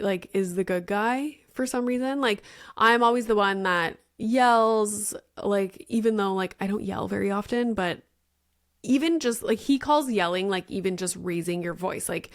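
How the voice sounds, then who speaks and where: A woman in her thirties hosting a podcast, telling a parenting story in a chatty, casual way, full of "like" fillers and casual swearing. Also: mid-range voice. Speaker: podcast host.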